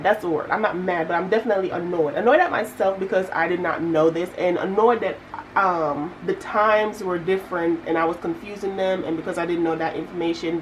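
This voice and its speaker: A young woman, chatting casually to viewers as she works through her budget, telling stories with lively asides. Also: medium pitch, slight background noise, low-quality recording. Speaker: budgeting vlogger. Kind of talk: casual chat while budgeting.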